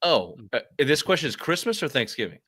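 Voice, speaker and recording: A man's voice: fairly high pitch, a little fast, slightly rough, dry recording, clean studio sound. A man in his thirties with a Boston accent, co-hosting a casual sports podcast and joking profanely between stories. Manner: profane, joking, animated storytelling. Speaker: podcast co-host.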